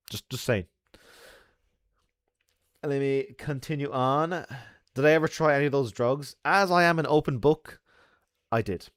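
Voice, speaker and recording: A man's voice: medium pitch, no room sound, clean studio sound. A man with an Irish accent chatting casually with viewers from a bar, joking and laughing often. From Ireland. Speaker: host. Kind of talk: casual live chat with viewers.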